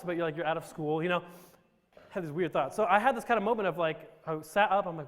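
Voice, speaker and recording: A man's voice: high-pitched, quick pace. A man from Romania telling his life story to a live audience with self-deprecating jokes and rambling restarts. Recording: reverberant hall.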